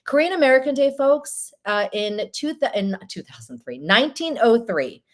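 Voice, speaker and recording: A woman's voice: a little high, normal speed. Chatty woman hosting a live stream. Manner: animated, chatty storyteller. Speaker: host of a live stream show. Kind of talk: casual live-stream chat.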